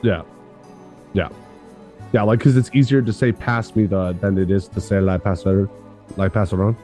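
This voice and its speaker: A man's voice: lowish voice, moderate pace, warm tone, faint music behind. A man from Canada hosting a casual podcast chat, loose and chatty, laughing often. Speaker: podcast host.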